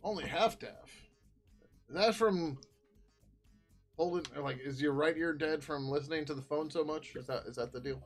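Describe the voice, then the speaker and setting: A man's voice: on the high side, normal speed, pauses often, soft background music. A man chatting casually on a live stream while he works on code, reading out and answering chat questions and laughing often. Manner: drops into a loud joking whisper. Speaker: open-source developer streaming.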